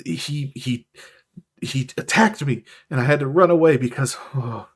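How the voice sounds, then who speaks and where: A man's voice: medium pitch, measured pace, slightly rough. A man voicing a timid, nervous male celestial with wings, who stammers and trips over his words. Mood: frightened. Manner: stammering, jittery and skittish.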